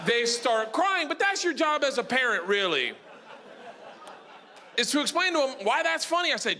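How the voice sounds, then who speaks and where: High-voiced crude comic on stage. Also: male voice, unhurried, long pauses. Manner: loud, crude and animated, bursting into shouts. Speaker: stand-up comedian. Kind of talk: stand-up storytelling. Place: comedy club stage before a live audience. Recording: live room noise from the crowd.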